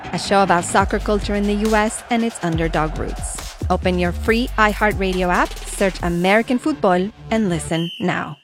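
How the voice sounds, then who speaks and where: A woman reading a podcast promo in a smooth, inviting way. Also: mid-range voice, normal speed, hardly any pauses, faint music behind. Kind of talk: scripted promo read.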